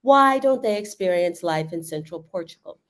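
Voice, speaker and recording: A woman's voice: on the low side, expressive, moderate pace, close to an everyday voice. A woman voicing a commenter from London, reading a remark in an admittedly poor put-on British accent. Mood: reading aloud. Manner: self-consciously clumsy accent.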